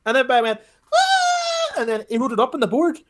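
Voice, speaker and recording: A man, co-hosting a podcast in casual chat and telling stories with sweary, animated retellings. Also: very high-pitched, racing, background noise. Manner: animated storyteller, swears, mimics shrieks. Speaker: podcast co-host.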